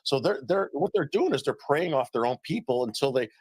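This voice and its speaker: A middle-aged man on a live stream telling stories about his reporting in a casual, animated way, acting out what others said. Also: medium pitch, fairly quick, husky, dry recording. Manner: animated storyteller, acts out quoted dialogue. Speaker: citizen journalist guest. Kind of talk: casual remote interview.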